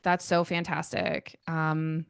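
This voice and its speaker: A woman's voice: deep voice, level tone, slow, vocal fry, smooth, dry recording, studio quality. A woman guest on a podcast, chatting casually and eagerly affirming what the host says. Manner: enthusiastic and affirming, repeats her agreement.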